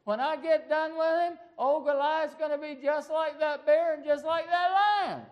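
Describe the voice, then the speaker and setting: A man's voice: extremely high pitch, moderate pace, pitched above the performer's own voice. A man voicing the young shepherd David, eager and boasting, in a storytelling sermon. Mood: boastful. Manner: excited, boastful.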